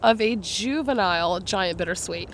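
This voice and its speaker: A woman with a slightly hoarse sick voice, chatting casually and laughing often as she narrates a beach walk, admiring each find. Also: fairly low pitch, moderate pace, a little hiss or hum. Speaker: beach vlogger. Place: outdoors on a beach.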